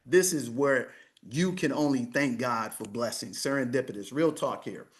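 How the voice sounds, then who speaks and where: A man's voice: medium pitch, moderate pace. A man in his fifties, a money coach, telling a story as a podcast guest, acting out each exchange and repeating "I said" again and again. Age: 50s. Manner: animated, acts out the dialogue, keeps repeating "I said".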